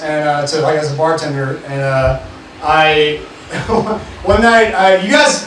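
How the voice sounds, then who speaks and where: Young guy from the mississippi coast doing stand-up, kinda high voice, rambly and swears a lot, echoey bar, mic way off. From Mississippi Gulf Coast, USA. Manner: casual, profane, rambling with many fillers. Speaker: stand-up comedian. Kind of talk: stand-up comedy set. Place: bar room with a live audience. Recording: echoey, distant, noisy live bar recording. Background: room ambience and crowd noise.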